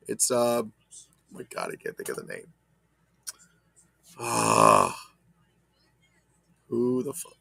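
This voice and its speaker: A man's voice: mid-range voice, huge pitch swings, takes it slowly, gravelly, pauses often, bright, forceful tone, slightly rough. A man casually chatting about his toy collection, rambling and swearing as he talks to viewers. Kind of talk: casual unboxing chat.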